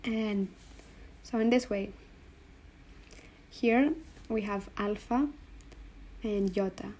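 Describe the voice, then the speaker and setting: Patiently teaching Greek letter combinations from a board, a woman spells out every sound and repeats it at a slow pace for the learner. Her warm, mid-range voice keeps a fairly even intonation.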